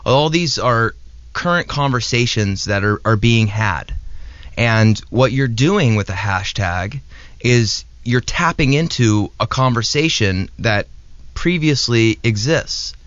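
A man's voice: medium pitch, lively intonation, slow, a bit bright, no echo. A man who is a knife maker, a guest on a show, explaining things steadily step by step in casual talk. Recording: dull lo-fi dry recording.

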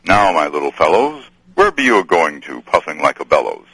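A hearty old nature spirit as a man reads him out who chants his lines in sing-song rhyme and old rustic dialect. The voice is deep and lively, bright and a little husky, close and dry in an archival storybook reading. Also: a little fast, no room sound, exaggerated voice, low-quality recording. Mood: jovial.

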